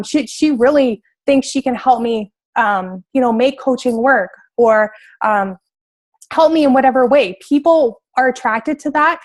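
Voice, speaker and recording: A young woman leads a motivational team call, her voice sitting a little high. She talks with energy and emphasis, circling back to drive each point home. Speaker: coach giving a team call.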